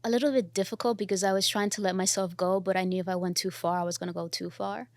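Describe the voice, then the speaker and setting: Earnest, animated young actress. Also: female voice, medium pitch, fast, no room sound. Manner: animated, earnest, quoting herself and others. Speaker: actor, interview guest. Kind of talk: casual interview.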